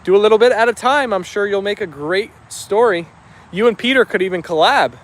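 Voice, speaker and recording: A man's voice: high-pitched, a little fast, fairly bright tone. A man hosting a casual live stream outdoors, chatting easily as he reads out viewer comments and answers them. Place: outdoors with his dogs.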